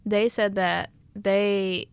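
A woman co-host with a mid-range voice speaks softly. She hesitates as she starts a story in casual chat. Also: mid-range voice, steady tone, very slow, creaky, clear, resonant tone. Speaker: podcast co-host.

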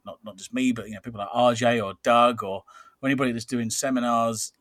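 A man's voice: mid-range voice, fairly even intonation, quick pace, fairly bright tone. A man, a wrestling trainer hosting a podcast, talking in an enthusiastic and encouraging way. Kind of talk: casual podcast conversation.

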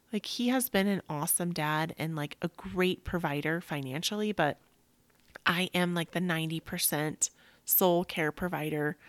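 A woman in her thirties hosting a reflective self-help talk, full of "like" fillers, who calls her listeners sisters and often drops into a soft whisper. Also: fairly low pitch, no echo. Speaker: podcast host.

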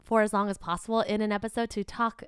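A woman's voice: mid-range voice, little pitch movement, fast, clean tone, dry recording, studio quality. A woman hosting a casual podcast in an upbeat, playful, teasing way. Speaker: podcast host. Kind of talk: casual chat.

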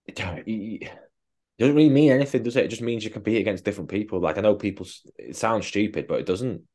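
Deep-voiced blunt man. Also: darkish tone. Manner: blunt, swears constantly. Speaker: podcast co-host and fitness coach. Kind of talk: casual chat.

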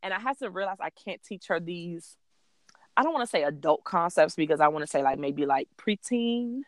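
A woman in her thirties hosting a podcast, telling a personal story in a blunt, profane, animated way. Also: deep voice, brisk, no echo. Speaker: podcast host. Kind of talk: casual storytelling chat.

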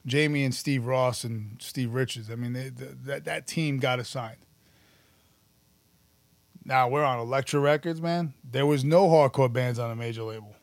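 A man, telling stories about his past in an animated, profane, casual interview. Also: medium pitch, moderate pace, no room sound. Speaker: podcast guest, musician and actor.

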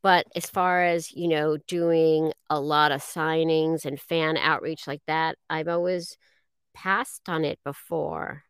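A middle-aged woman speaking as a guest voice actress in a casual interview, halting and self-deprecating with many fillers. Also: low-pitched, fairly even intonation, clear, resonant tone, no room sound, studio quality.

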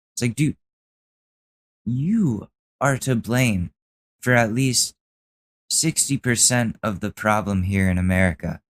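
Casual young man ranting sarcastically. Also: lowish voice. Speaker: podcast host. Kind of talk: casual commentary.

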